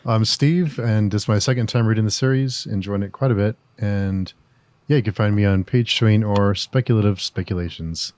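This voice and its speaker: A man guest on a book podcast, relaxed and friendly. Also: fairly low pitch, moderate pace. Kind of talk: casual book discussion.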